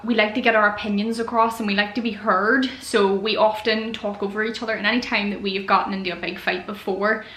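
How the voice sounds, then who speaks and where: A young woman in her twenties chats openly to camera in a casual vlog, with "like" scattered all through. Her voice is bright and forceful. The room around her rings with a noticeable echo. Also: medium pitch. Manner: chatty and open, heavy use of "like". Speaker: vlogger. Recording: echoey room.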